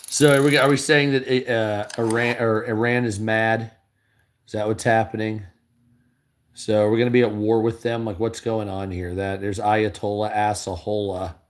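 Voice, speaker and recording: A man's voice: fairly low pitch, level tone, moderate pace, a little hiss or hum. A tired man giving blunt, heavily profane reaction commentary while reading news headlines aloud. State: tired, low energy.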